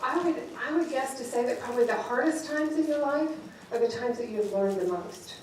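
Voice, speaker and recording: Brief: high-pitched woman, lively motivational speaker telling stories, heard from far off in a reverberant hall. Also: brisk, a little hiss or hum. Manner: animated, laughing often, acts out voices in her stories. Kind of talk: storytelling keynote speech. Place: large event hall with audience.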